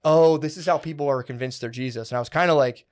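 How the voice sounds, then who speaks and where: A man's voice: on the high side, fast talker. Male podcast co-host, 30s, loose rambling storyteller, laid-back slang-heavy chat. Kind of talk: casual chat.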